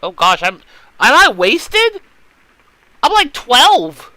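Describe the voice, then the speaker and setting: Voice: sits high, huge pitch swings, takes it slowly, sharp tone, dry recording, poor audio. A let's play streamer giving casual, joking commentary on a story game, reacting aloud and swearing now and then. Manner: jokes about own bad British accent.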